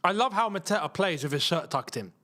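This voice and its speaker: A young man talks through a live football match for his viewers, using casual slang. His voice sits high and swings widely, and he bursts into yells whenever a chance goes begging. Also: fast talker. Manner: excitable, shouts at chances, chatty slang. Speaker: football channel host. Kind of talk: live match watchalong commentary.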